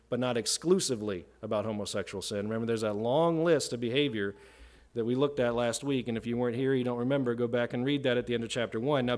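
A middle-aged man preaching a sermon in a conversational way, often checking in with "right?". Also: medium pitch. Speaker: pastor.

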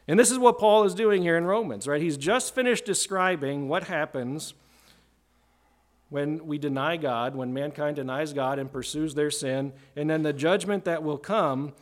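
A man preaching an expository sermon. He talks conversationally, often checks in with "right?", slows down for emphasis and climbs in pitch and volume when he acts out quotes. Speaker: pastor.

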